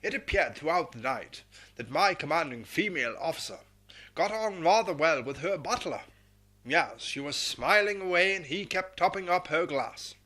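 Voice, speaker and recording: A man's voice: a little high, animated, normal speed, bright, forceful tone. A man voicing a pompous, hearty elderly English officer with a posh southern English accent and old-fashioned slang. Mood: pompous jolly.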